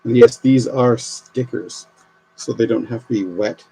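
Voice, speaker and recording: A man's voice: mid-range voice, a little slow, gravelly, warm tone, slightly rough, poor audio. A man live streaming as he builds a model kit, chatting and thinking aloud as he works. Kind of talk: casual live stream commentary.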